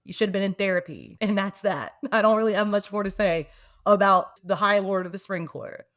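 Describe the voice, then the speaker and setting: A woman's voice: medium pitch, fairly quick, fairly bright tone, no echo, clean studio sound. A woman co-hosting a podcast, ranting about a book in casual chat with lots of swearing. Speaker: podcast co-host.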